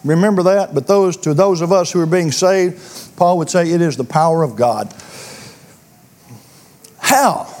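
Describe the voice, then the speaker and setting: Male preacher, high voice, earnest questioning sermon delivery, repeats words. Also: a little slow, long pauses, a little mellow. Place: church.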